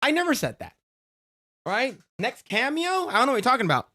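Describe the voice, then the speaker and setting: A man's voice: very high-pitched, very animated, brisk, sharp tone. A man streaming live, reacting to his chat in a defensive, joking way, swearing and laughing often.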